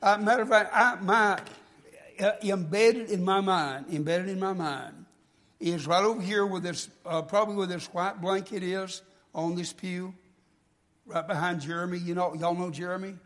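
A man's voice: high voice, fairly even intonation, moderate pace, a bit bright. A man preaching a sermon in a church, folksy, stumbling and restarting, congested from a cold. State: congested, coughing. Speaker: guest preacher. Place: church sanctuary. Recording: long church reverb.

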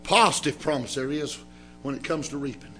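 A man preaching a sermon, telling a story and rising into fervent shouting. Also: medium pitch, fairly quick, soft background music.

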